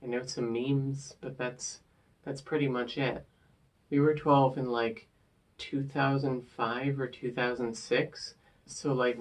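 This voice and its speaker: Guy in his 20s vlogging, creaky gravelly voice, mid pitch, lots of likes and ums. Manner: earnest, soft-spoken, with frequent "like" and "um" fillers. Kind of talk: casual personal vlog talk.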